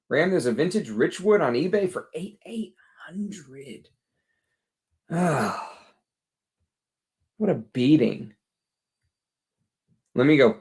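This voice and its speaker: A man's voice: medium pitch, darkish tone. A man with a Texas accent hosting a casual livestream, tired after a long workday, chatting bluntly and answering viewers' comments. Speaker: fragrance livestream host.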